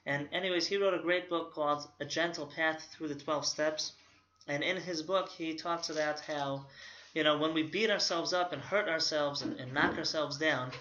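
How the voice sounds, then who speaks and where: A man's voice: on the high side, sharp tone, slight background noise. A man who works as a therapist gives an informal recovery lecture from slides, stopping after nearly every point to ask "okay?" and drawing on personal examples. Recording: roomy, dull lo-fi audio.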